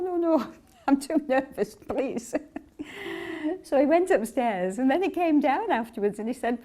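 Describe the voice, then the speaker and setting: A woman tells a personal memory for an interview. Her voice is husky and warm, and she acts out the words of each person in her story with feeling. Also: mid-range voice. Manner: heartfelt, animated storytelling, acting out quotes. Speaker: devotee recalling memories.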